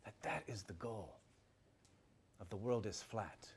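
A man giving a public lecture to a live audience, animated and emphatic, swinging from loud points to hushed asides. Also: on the low side, a little slow, slight background noise. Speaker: guest lecturer.

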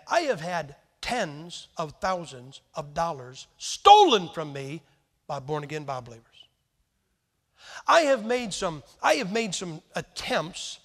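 An American man preaching a sermon, telling stories with lively emphasis and sudden swings between loud and quiet. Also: a little high. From United States. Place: church hall with a crowd. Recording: long reverb from a large hall.

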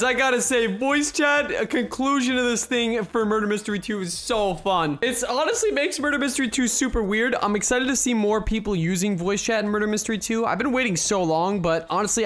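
Brief: young male gaming host, high voice, lively and loud, faint music underneath. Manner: energetic, loud calling out to other players. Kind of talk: casual gameplay commentary.

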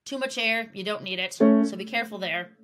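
A woman singing teacher giving an upbeat, encouraging vocal lesson with sung warm-up exercises over piano. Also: medium pitch, brisk. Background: piano accompaniment.

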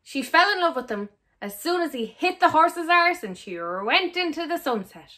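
A woman's voice: extremely high pitch, normal speed. A young woman with an Irish accent, chatting sarcastically and animatedly as she reacts to a film trailer. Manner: sarcastic and animated, mock-exasperated. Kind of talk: casual reaction chat.

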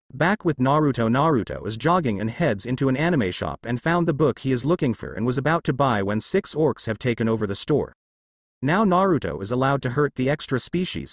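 A man narrating a fanfiction story in an animated reading voice. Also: mid-range voice, no echo, studio quality.

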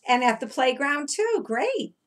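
Woman teacher reading to little kids, unhurried, very lively melody, coaxing questions. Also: high-pitched. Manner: singsong chanting, coaxing questions. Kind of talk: read-aloud lesson for young children.

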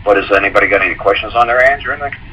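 A man's voice: on the low side, very fast, pushed and bright, lo-fi sound, a little hiss or hum. A man, a guest on a call-in show, explaining at length in a rambling, repetitive way and acting out anecdotes in quoted dialogue. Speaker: guest speaker.

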